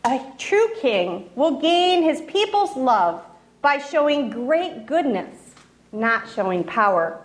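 A woman's voice: high-pitched, big pitch swings, takes it slowly, exaggerated voice. A woman voicing a humbled, remorseful king who is grateful and earnest, speaking in a pleading storytelling voice. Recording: roomy echo.

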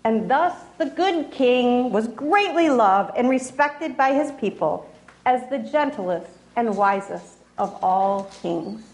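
A woman telling a fable in a gentle storytelling manner, with restarts and asides. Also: a little high, expressive, slow. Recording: roomy echo.

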